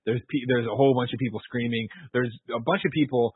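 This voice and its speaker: A man's voice: medium pitch, slightly rough, no room sound. A man casually recapping a movie on a podcast, swearing a lot and acting out the characters' lines. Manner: fast, animated, swears a lot, acts out lines. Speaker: podcast co-host recapping a film. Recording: tinny, phone-like, dry sound.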